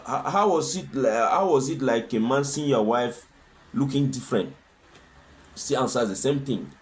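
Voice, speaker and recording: A man's voice: medium pitch, expressive, moderate pace. A man talking as a guest in a conversational interview, earnest and fond of rhetorical questions. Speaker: husband sharing his experience as a guest.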